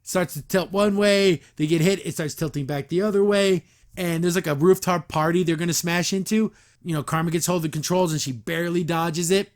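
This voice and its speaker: A man's voice: on the high side, fairly even intonation, fairly quick. A young man hosting a podcast, recapping and reacting to a cartoon episode in a casual, enthusiastic, rambling way. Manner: enthusiastic, rambling, frequent restarts and laughs.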